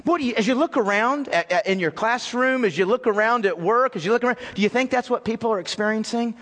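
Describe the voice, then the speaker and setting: A man with a notably high speaking voice delivers an earnest sermon, repeating key phrases for emphasis. His words ring out with a long reverb trailing behind, as in a church hall. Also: quick pace, a bit bright. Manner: earnest, repetitive, addresses listeners as folks. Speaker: pastor. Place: church sanctuary with chairs.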